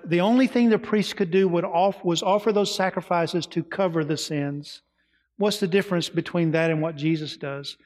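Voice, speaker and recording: A man preaching a sermon, asking his listeners questions and dropping to quiet, soft tones. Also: a little high. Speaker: pastor. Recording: reverberant hall.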